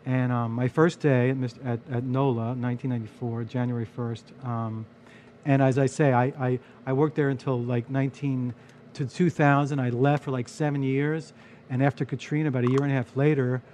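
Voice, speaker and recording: A man spins a bar story in casual conversation. He talks at an easy middle pitch, restarts his sentences often and gets animated. Faint room noise sits behind him. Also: brisk. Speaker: bartender and storyteller.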